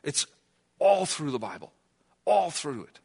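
A man preaching a sermon in an earnest tone, asking his listeners questions and at times dropping to a hushed, near-whispered delivery. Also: on the high side, sing-song, measured pace, breathy edge. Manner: earnest, asks the listeners questions, then drops to a hush. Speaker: pastor.

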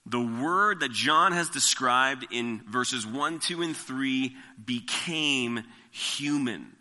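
Slow, deliberate man preaching in a reverberant hall. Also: medium pitch, pushed and bright. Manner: slow, deliberate, emphatic reading of scripture. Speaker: pastor. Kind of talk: expository sermon.

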